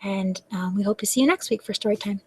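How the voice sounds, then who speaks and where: A woman reading a picture book aloud to children at a library storytime, expressive and playful, with sound effects. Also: mid-range voice, fast talker, background noise.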